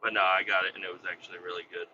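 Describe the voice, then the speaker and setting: Man with a very bright, sharp voice ranting. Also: low-pitched, level tone, rapid-fire, muffled recording. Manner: profane, exasperated, rambling. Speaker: podcast host; vac truck operator. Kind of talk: casual ranting storytelling.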